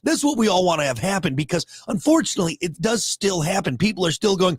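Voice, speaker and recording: A man's voice: high-pitched, expressive, fast, hardly any pauses, husky, no room sound. Rambling, jokey male co-host. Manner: rambling, jokey, many restarts. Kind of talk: casual chat.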